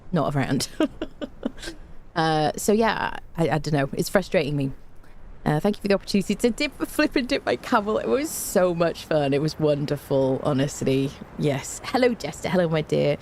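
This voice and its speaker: Tired, chatty woman streamer, mellow voice. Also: deep voice, normal speed, slight background noise. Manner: chatty, bubbly, many repeated hellos. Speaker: game streamer greeting chat. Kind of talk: casual live-stream chat.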